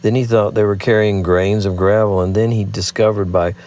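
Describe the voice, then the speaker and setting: This is scripted audiobook narration from a man whose voice sits on the lower side. His reading stays measured and even throughout.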